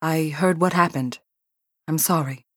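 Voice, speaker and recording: Narrator lady doing a shy brazilian cowboy, hesitant, low-key, dry sound. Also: measured pace, fairly bright tone, no echo. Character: soft-spoken Brazilian cowboy man.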